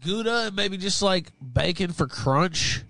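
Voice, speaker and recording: A man's voice: high voice, expressive, a little slow, sharp tone, no room sound. Guy streaming from a dead dry mic, swears a lot, chuckles, opinionated about food. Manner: profane, laughing, opinionated. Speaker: livestream host. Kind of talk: casual live-stream chat.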